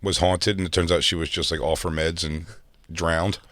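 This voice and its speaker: A low-voiced man hosting a podcast, rambling through self-mocking stories in loose comedic chat. His sound is dry and close to the mic. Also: little pitch movement, moderate pace, fairly bright tone, no room sound.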